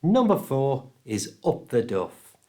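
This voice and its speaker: A man's voice: medium pitch, sing-song, slow, a little mellow. A man with a British accent teaching English pronunciation in a scripted lesson, stressing each sound with care. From United Kingdom. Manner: careful, clear pronunciation coaching.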